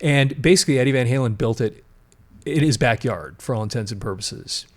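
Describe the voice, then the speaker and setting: A man's voice: mid-range voice, expressive, fairly quick. A man hosting a casual talk show, explaining at length with frequent restarts and emphatic asides. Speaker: podcast host. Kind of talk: casual conversational commentary.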